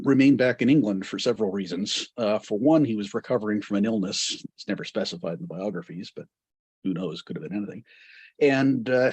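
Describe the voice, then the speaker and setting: A man's voice: fairly low pitch, husky, dry recording. A man giving an astronomy history lecture to a club, digressive and full of wry asides.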